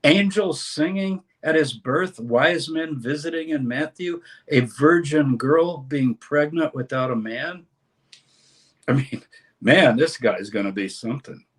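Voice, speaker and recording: A man speaking as a guest scholar in an interview, explaining a text with lively emphasis and reading passages aloud. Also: on the high side, unhurried. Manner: animated, reads scripture aloud with dramatic emphasis. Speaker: scholar and course teacher, guest.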